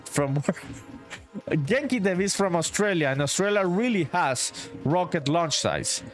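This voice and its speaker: Profane, laid-back man, higher voice. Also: expressive, unhurried, faint music behind. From Honduras. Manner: laid-back, profane, reads chat aloud and answers it. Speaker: solo indie game developer and streamer. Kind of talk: casual live-stream chat. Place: home in a small town.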